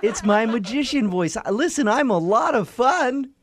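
A man's voice: very high-pitched, animated, moderate pace, pitched above the performer's own voice. A man voicing a goofy male party magician in a silly clownish put-on voice.

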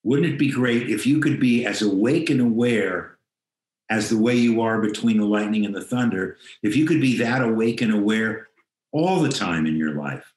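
Older male guest, lowish voice, reflective storyteller, roomy video-call sound. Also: animated, normal speed. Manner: reflective, acts out quoted dialogue. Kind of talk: telling a personal story in an interview.

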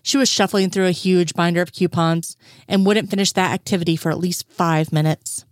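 A woman's voice: lowish voice, fairly even intonation, fairly quick, dry recording. Young woman, dry close narration of fan fiction, casual and profane. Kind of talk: scripted fan fiction reading.

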